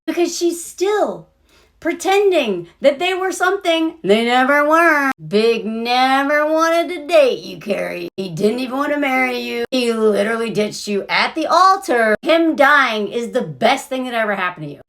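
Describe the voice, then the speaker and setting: Brief: a blunt, sarcastic woman ranting about TV, high voice that swoops all over. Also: lively intonation, normal speed, fairly bright tone. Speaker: video creator. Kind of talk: sarcastic TV commentary rant.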